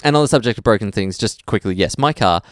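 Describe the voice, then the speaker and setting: A man's voice: lowish voice, animated, fast talker, no echo. A young Australian man in casual chat as a podcast co-host, joking in a dry, teasing way and spinning mock scenarios.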